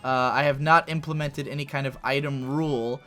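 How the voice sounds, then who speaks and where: A young man giving casual, rambling gameplay commentary as a let's play host, swearing freely and breaking into excited outbursts. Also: medium pitch, moderate pace, faint music behind.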